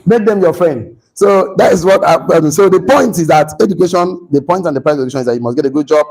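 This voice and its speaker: A man lecturing a class, animated, repeating himself and putting questions to the room. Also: on the high side, fast, low-quality recording.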